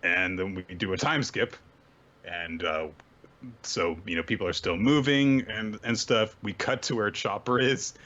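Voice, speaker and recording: A man hosting a podcast, casually recapping comics with animated storytelling. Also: fairly low pitch, a little slow, dull audio. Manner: animated storytelling, often acting out quotes. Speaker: podcast host.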